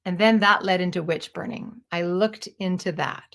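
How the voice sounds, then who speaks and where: A Canadian storyteller and stage performer in her fifties talks through a reflective personal monologue. Her voice is fairly low and her pace moderate, and she sounds earnest, searching and self-questioning.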